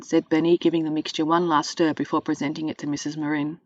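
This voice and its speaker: A woman narrating a children's storybook in a clear, measured reading voice. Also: deep voice, level tone, dry recording. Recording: dry, dull podcast recording.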